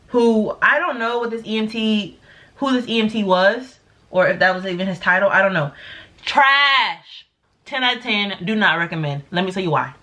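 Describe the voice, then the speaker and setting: A young woman vlogger telling a story casually, acting out quotes with big jumps in her voice. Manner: animated, acts out quotes with big pitch jumps.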